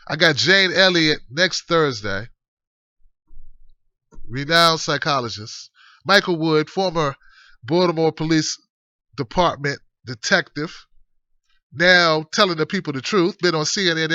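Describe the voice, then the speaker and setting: A male livestream host with a high, sharp voice that sits dry and close. He talks in a loose, rambling way and fires off animated shout-outs. The sound is dull and lo-fi. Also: dry recording. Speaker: host of an online talk show. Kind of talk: casual livestream chat. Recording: dull lo-fi stream audio.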